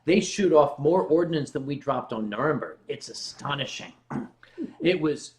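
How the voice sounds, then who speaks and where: A man's voice: fairly high pitch, normal speed. A man hosting a casual comedic chat from his sofa at home, joking and reading viewer comments aloud. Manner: joking, reads chat comments aloud, bursts into loud mock shouting. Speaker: host. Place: home living room, on a sofa.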